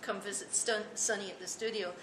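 A woman's voice: medium pitch, fairly even intonation, brisk. A woman speaking on a convention panel as a comic artist, explaining in a matter-of-fact way. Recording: echoey room with loud noise.

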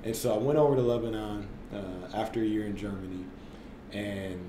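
A man in his thirties, a podcast guest and former basketball player, telling stories in a casual, animated way with lots of fillers and laughter. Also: lowish voice, a little fast, background noise. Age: 30s. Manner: animated, laughing, filler-heavy with frequent "like" and "right?". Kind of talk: casual storytelling in conversation. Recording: roomy echo.

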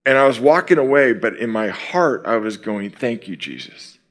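A middle-aged man giving a sermon at a camp, opening in prayer and then telling a personal story with lively quoted dialogue. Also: mid-range voice, moderate pace. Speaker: camp speaker.

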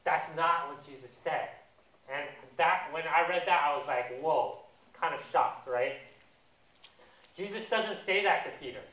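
A man gives a sermon in a relaxed, conversational way, slipping into quoted voices as he tells the story. His voice is bright and a little higher than most, and it comes from some distance away in a roomy church hall with lots of echo. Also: unhurried. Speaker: pastor.

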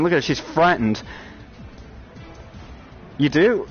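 A man giving excited live-stream commentary on a VR shooter, chatting with viewers and breaking into loud outbursts. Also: on the high side, moderate pace. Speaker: VR game streamer. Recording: dull lo-fi stream audio with game music and gunfire. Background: game music and gunfire.

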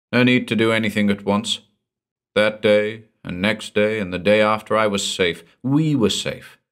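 A man with a deep, low voice reads a weird tale aloud as the first-person teller. He takes his time and lets each sentence settle. It is steady storytelling for an audiobook. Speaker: narrator. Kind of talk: audiobook reading of a horror story.

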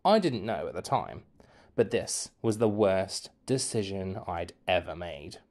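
A man, a teacher, reading a children's novel aloud in an expressive, playful storytelling manner. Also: low voice, a little slow. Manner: expressive, playful, shifts voice for quotes. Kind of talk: storybook narration.

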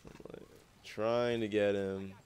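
A man's voice: on the low side, level tone, takes it slowly, a little mellow, a little hiss or hum. A young man giving rambling gameplay commentary over a recorded match, swearing often and mocking his own play.

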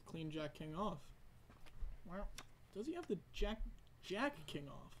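A high-voiced man dealing cards and chatting, his pitch swinging widely. Faint noise runs underneath. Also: big pitch swings. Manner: chatty, quick to laugh. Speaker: card dealer. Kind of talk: casual chat while dealing poker.

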